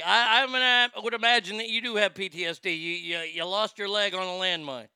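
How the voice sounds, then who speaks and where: A man's voice: sits high, brisk, bright, forceful tone, clear, resonant tone, no room sound, studio quality. A man hosting a ranting commentary, sarcastic and incredulous, swearing freely. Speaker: commentary host.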